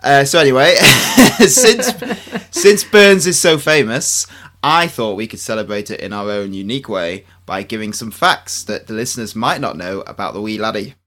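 A man's voice: on the low side, animated, a little fast, hardly any pauses, sharp tone. A man co-hosting a scripted book podcast, joking around with nervous laughs and playful asides. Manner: nervous laughs, mock Scottish attempts. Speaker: podcast co-host.

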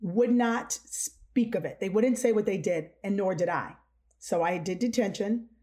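In a casual storytelling chat, a middle-aged woman who hosts a podcast candidly relates something from her childhood and acts out what people said. Her voice is mid-range and mellow, and she talks a little slowly.

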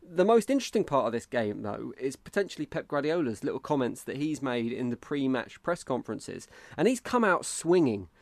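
A man's voice: mid-range voice, big pitch swings, fairly quick, vocal fry, hardly any pauses, dry recording. Chatty English man hosting a podcast. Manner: chatty, reads listener reviews aloud. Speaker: podcast host. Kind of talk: casual football podcast chat.

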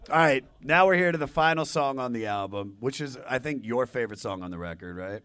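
A man's voice: mid-range voice, lively intonation, fairly quick, fairly bright tone. A man hosting a live podcast on stage, reading out song background and teasing his guest. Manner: reads out song facts, then teases the guest. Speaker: podcast host. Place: live stage in front of an audience.

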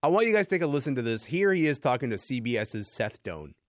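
A man hosting a radio panel and putting probing questions to his guests in a lively, animated voice. The studio sound is close and dry. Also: medium pitch, quick pace, no echo. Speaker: radio show host. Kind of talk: panel discussion.

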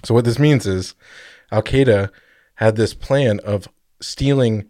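A man's voice: lowish voice, measured pace, mellow, no room sound, clean studio sound. A man co-hosting a podcast, telling a story in a rambling, jokey way and correcting himself as he goes. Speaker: podcast co-host. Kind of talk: casual podcast chat.

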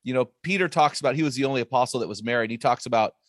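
A man, an author and guest, teaching on faith and marriage in an emphatic, preacherly way with quick asides. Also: medium pitch, no echo, studio quality.

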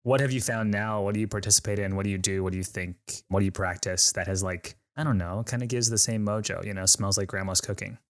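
Relaxed male podcast host, low-pitched, easygoing conversational delivery. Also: quick pace, hardly any pauses. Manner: relaxed, laughs easily, loose phrasing. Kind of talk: casual interview chat.

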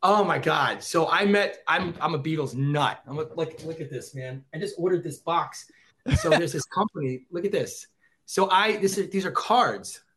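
Excitable middle-aged man telling stories. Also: on the high side, normal speed. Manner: excitable, animated storyteller who acts out quotes. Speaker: podcast guest, former celebrity reporter. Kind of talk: casual storytelling chat.

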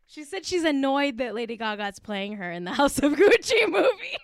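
A woman hosting a casual podcast, ranting in a profane, excitable and mock-outraged way. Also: sits high, moderate pace, no echo, clean studio sound. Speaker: podcast host.

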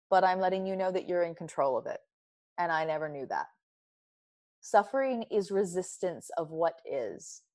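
A woman guest in an interview talks earnestly and emotionally, her words heartfelt, and she often repeats words as she begins a thought. Her pitch is fairly low, and there is no room sound.

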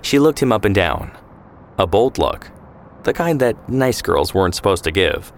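Male narrator, very low pitch, calm scripted storytelling. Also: normal speed, slight background noise.

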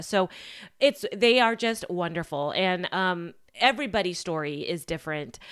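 A woman's voice: medium pitch, fairly bright tone, clear, resonant tone. A woman hosting her own podcast, talking alone in an enthusiastic, gushing way with fillers and restarts. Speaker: podcast host. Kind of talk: solo podcast monologue. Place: home.

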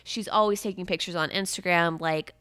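A woman's voice: fairly low pitch, fairly even intonation, fairly quick, fairly bright tone, clear, resonant tone, no echo, clean studio sound. A young adult woman hosting a podcast, talking in a casual chatty way, full of "like" fillers. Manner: chatty, filler-heavy with frequent "like". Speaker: podcast host. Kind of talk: casual chat.

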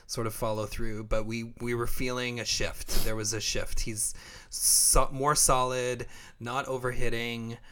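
A man's voice: medium pitch, flat delivery, measured pace, fairly bright tone, clear, resonant tone. A man from Canada co-hosting a podcast, chatting casually about the sport and laughing often. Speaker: podcast co-host. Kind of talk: casual chat.

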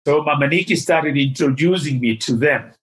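An older man recounts a story from his past as an interview guest. His voice sits a little high for a man, and he speaks haltingly, with frequent fillers and restarts. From Tanzania. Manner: hesitant, with many fillers and restarts. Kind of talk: storytelling in conversation.

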